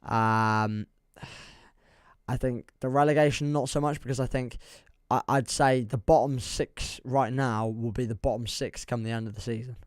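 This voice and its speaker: Young english guy rambling about football on a live stream, smooth clear voice, dead dry sound. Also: medium pitch, fairly even intonation, moderate pace, no room sound. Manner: rambling, self-deprecating, reads chat aloud, laughs often. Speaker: football livestreamer. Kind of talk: casual livestream chat.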